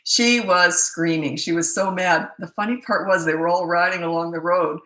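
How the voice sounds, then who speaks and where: A woman's voice: lowish voice, steady tone, moderate pace, hardly any pauses, bright, forceful tone. Chatty middle-aged woman in a roomy space. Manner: chatty storyteller who acts out quoted remarks. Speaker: parenting coach and show host. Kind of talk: casual live Q&A chat. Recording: roomy echo.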